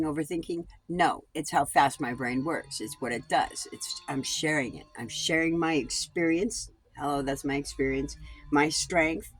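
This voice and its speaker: A woman's voice: a bass voice, slightly rough. A woman vlogger talking in a rambling personal monologue about coping, blunt and digressive, swearing freely.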